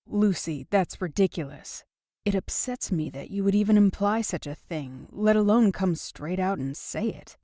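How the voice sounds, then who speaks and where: Lady narrator doing a steady young guy who doesnt back down, mellow low tone, dry. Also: normal speed, dry recording, lightly acted. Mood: calm. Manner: calm but blunt. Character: patient young man, firm and frank. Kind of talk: audiobook dialogue reading.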